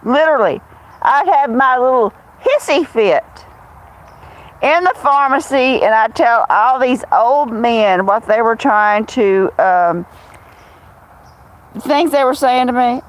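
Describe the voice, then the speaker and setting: A woman's voice: on the high side, expressive, slow, low-quality recording. Chatty woman streaming from home. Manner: chatty, talks to viewers by name, storytelling. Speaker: livestream host. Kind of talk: casual livestream chat. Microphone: phone.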